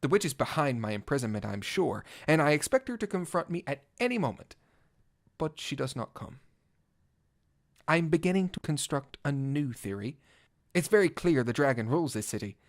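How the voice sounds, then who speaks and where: With a dramatic mood, a man narrates a first-person fan audio drama as a vain, gallant male cat-knight bard, speaking in flowery, old-fashioned words and theatrically sliding from pompous to flustered. His voice sits on the high side with big pitch swings at a normal speed.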